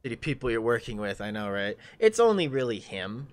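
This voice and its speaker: A man's voice: mid-range voice, very animated, brisk. A young man streaming a game, telling rambling, profane stories in casual chat with frequent restarts. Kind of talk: casual chat while gaming live.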